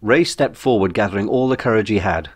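A man's voice: fairly low pitch, fairly quick. A man reading his own novel aloud as audiobook narration, with wry storytelling.

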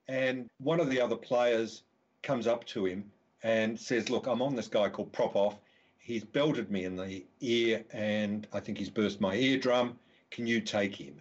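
A man with a husky, mid-pitched voice tells a vivid, anecdote-packed story as a podcast guest. The audio is dull and lo-fi, like a remote call. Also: darkish tone. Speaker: author and guest. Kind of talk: storytelling interview answer.

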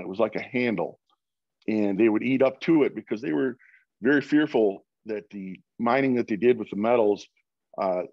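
A man's voice: fairly low pitch, no echo, muffled recording. A man from Michigan giving an informal presentation over a video call, with many fillers and restarts. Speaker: guest speaker.

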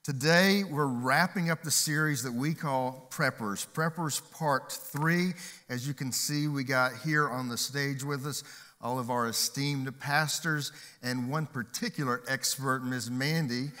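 A man's voice: mid-range voice, measured pace, pushed and bright. A man preaching a sermon from a church stage as pastor, upbeat and emphatic, slipping in jokes. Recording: long hall reverb.

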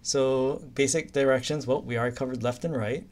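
A man's voice: medium pitch, fairly even intonation, brisk, a little hiss or hum. A man from Hawaii, teaching an anatomy lecture in a casual, chatty way. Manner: casual, chatty, uses silly memory stories. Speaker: anatomy instructor. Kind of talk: recorded lecture.

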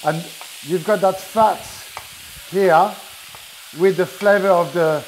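In a kitchen with food sizzling, a middle-aged French-accented chef talks through a live cooking demo step by step, restarting many times. He speaks slowly in a high, steady voice, and the rough recording carries a little hiss or hum.

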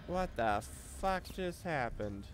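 A young man streaming a video game with casual commentary. He swears freely and breaks into loud, excitable outbursts. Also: fairly high pitch, takes it slowly, background noise.

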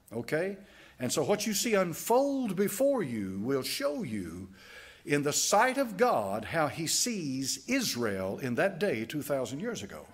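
A man's voice: on the high side, husky. A man preaching a Bible-teaching sermon as a pastor, reading scripture aloud in King James wording with emphatic delivery. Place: church sanctuary, Sunday school class.

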